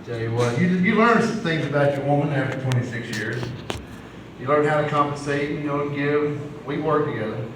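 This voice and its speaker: A man's voice: fairly high pitch, moderate pace. A middle-aged man, telling rambling, folksy stand-up stories about married life. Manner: rambling, folksy storytelling with restarts. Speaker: stand-up comedian. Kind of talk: amateur stand-up comedy. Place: live comedy venue. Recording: echoey room, distant mic, noisy ambience.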